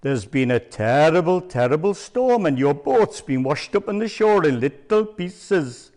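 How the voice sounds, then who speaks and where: A man's voice: a little high, very animated, unhurried, a little mellow. A man putting on a Welsh coast guard. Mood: mock-grave. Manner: mock-grave, dramatic. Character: prank-calling male coast guard officer.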